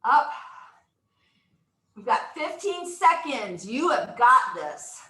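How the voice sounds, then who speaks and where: A woman's voice: sits high, big pitch swings, slow pace, pushed and bright, reverberant, rough recording. A woman leading a live exercise class, upbeat and encouraging, counting out moves with whoops and getting out of breath. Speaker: exercise instructor.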